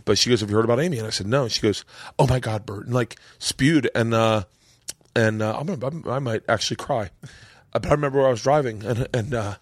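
A man's voice: mid-range voice, fast, dry recording. A man hosting a casual podcast, telling a story with many restarts and real emotion. His voice sits in a middling register. The sound is dry and close. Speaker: podcast host. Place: home studio.

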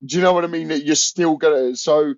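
A man's voice: on the high side, fairly even intonation, brisk, dry recording, highs cut off. A man, a comedian, telling rambling anecdotes in casual chat, laughing and restarting often. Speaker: comedian guest.

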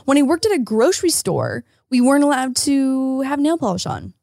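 A young adult woman co-hosting a podcast, chatting casually and giggling through animated banter. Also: high-pitched, normal speed, vocal fry, no echo, studio quality. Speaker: podcast co-host. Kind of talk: casual chat.

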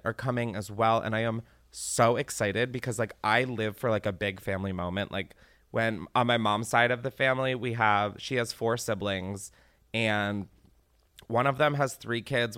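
A podcast host chats casually, rambling along, laughing a lot and swearing freely. His voice is lowish and a bit bright, captured in studio quality with no room sound.

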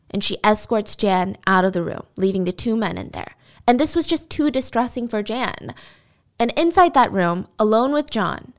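A woman telling a true-crime story in a casual, dramatic way, at times dropping to a whisper. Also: a little high.

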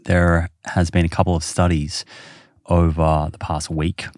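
A man's voice: low-pitched, flat delivery, unhurried, darkish tone, no echo, studio quality. A man hosting a podcast, explaining research casually with many fillers. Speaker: podcast host. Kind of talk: casual chat.

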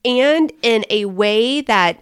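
A woman's voice: on the high side, expressive, slow pace, smooth, no echo, studio quality. A middle-aged woman co-hosting a parenting podcast, telling family stories in a chatty way. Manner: chatty storytelling, acts out her daughter's lines. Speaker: podcast co-host. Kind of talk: casual parenting chat.

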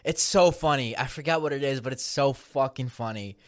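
A man's voice: medium pitch, fairly quick. A young man co-hosting a casual podcast, rambling through a silly story and laughing as he goes, with lots of filler words. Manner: rambling, laughs through his own stories, heavy "like" filler. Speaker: podcast co-host. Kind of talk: casual crude banter.

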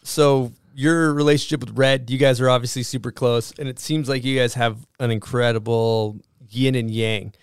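Podcast host, male. Smooth, clear voice, casual and chatty, dry close sound. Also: medium pitch, steady tone, moderate pace, few pauses, no room sound. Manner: chatty, admiring questions with fillers.

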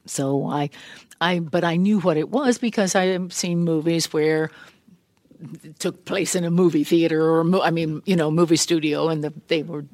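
A woman's voice: sits low, moderate pace, no room sound. An older woman, a guest in a large studio room, telling stories animatedly with frequent laughs, her voice a little worn. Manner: animated, laughs often, acts out remembered lines. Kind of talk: casual interview storytelling.

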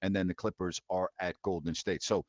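A man's voice: sits low, fairly even intonation, a little fast, a little mellow, no room sound. Blunt ranting sports talk host, man. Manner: blunt, ranting, laughs in disbelief, many restarts. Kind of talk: live call-in sports talk. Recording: dry, dull lo-fi mic.

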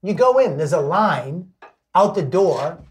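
A man's voice: high voice, very animated, measured pace. A man who is a podcast guest, telling stories in casual chat in a blunt, self-deprecating way, with some swearing.

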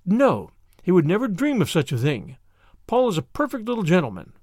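A man voicing an earnest, kind young woman who is a teacher, in a raised, bright voice from an audiobook reading. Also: high voice, wildly swooping pitch, fairly quick, no echo, clean studio sound, full character voice.

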